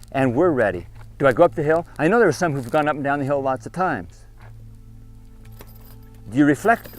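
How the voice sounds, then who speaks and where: A man's voice: on the high side, lively intonation, fast, faint music behind. A man leading a group outdoors, lecturing them sternly and firing off repeated questions and commands. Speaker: trip leader addressing a group of kids.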